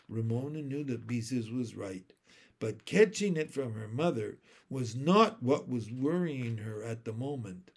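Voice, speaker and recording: Male narrator for children's book, slow, lively pitch, slightly high. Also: husky. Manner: expressive, unhurried. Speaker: storyteller. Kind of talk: children's book read-aloud.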